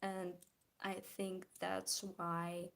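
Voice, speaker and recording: A woman's voice: on the low side, monotone, extremely slow, creaky, fairly bright tone. A woman from Belarus with a Belarusian accent, chatting casually while she draws and answers live chat, often restarting her sentences. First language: Belarusian or Russian. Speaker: vlogger.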